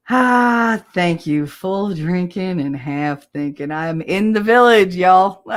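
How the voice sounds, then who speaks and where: A middle-aged woman with a New Jersey accent, chatting casually on a livestream, laughing often and swearing freely. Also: mid-range voice. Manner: loud, laughing, profane storytelling. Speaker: livestream host.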